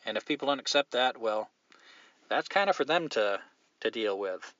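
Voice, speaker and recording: A man's voice: medium pitch, lively intonation, moderate pace, noisy background. A man hosting a podcast alone, talking in a blunt, profane, opinionated way in casual conversation. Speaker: podcast host. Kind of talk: casual solo podcast rant. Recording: dull lo-fi dry sound.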